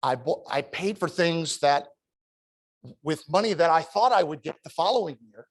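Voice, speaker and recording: Guy in his 30s giving a toastmasters speech, bit high, storytelling style. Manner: storytelling, animated, with rhetorical questions. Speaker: toastmaster of the meeting. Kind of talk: prepared speech.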